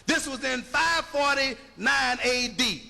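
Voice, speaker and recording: A man's voice: extremely high pitch, slow, creaky, sharp tone. A man giving an emphatic, rhetorical lecture, punching his points and checking that listeners follow. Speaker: linguistics lecturer. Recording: long hall reverb.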